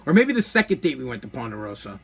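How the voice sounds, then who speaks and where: A man's voice: medium pitch, sing-song, fast talker, vocal fry, slightly rough. A man in his thirties hosting a podcast, ranting bluntly in a brash, rambling comedic way. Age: 30s. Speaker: podcast host. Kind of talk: casual comedic rant.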